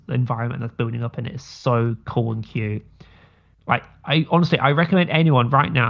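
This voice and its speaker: A man's voice: mid-range voice, gravelly. A man co-hosting a casual podcast live stream, rambling enthusiastically and swearing now and then. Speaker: podcast co-host. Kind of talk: casual chat. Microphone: streamed call mic.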